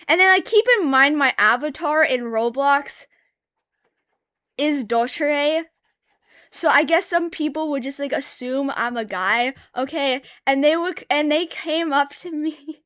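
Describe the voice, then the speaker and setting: A woman's voice: high-pitched, a bit bright, no echo, studio quality. A young woman streamer chatting casually while she draws, swearing often and rambling through stories with lots of filler words. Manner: laughs between sentences. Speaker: streamer drawing live. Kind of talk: casual chat.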